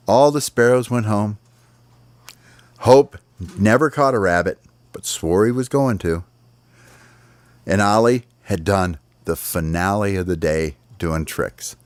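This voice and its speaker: A father telling a bedtime story in an animated way, adding sound effects and sighs. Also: fairly low pitch, slow pace, long pauses, clean tone, no echo.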